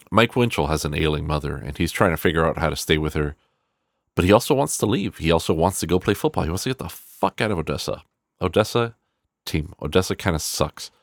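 A man's voice: extremely low pitch, no echo, clean studio sound. A man giving a casual, rambling film review, swearing freely and acting out characters' lines as he goes. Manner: rambling, profane, animated quoting of characters.

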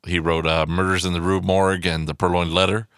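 A man in his thirties hosting a podcast, talking in an excitable, rambling way, swearing a lot and going off on asides. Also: deep voice, brisk, smooth, no room sound, clean studio sound. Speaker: podcast host. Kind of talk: casual podcast monologue. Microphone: podcast microphone.

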